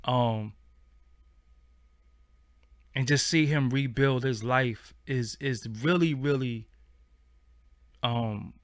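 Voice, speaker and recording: A man's voice: medium pitch, fairly bright tone, no echo, studio quality. A man, hosting a casual livestream and chatting in a slangy, rambling way. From Brooklyn, New York. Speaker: channel host.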